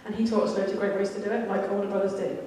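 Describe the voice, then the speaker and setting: A woman's voice: medium pitch, level tone, very fast, warm tone, a little hiss or hum. A woman giving a sermon, telling a candid, self-deprecating story about her childhood. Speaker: church speaker. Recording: echoey hall, mic at a distance.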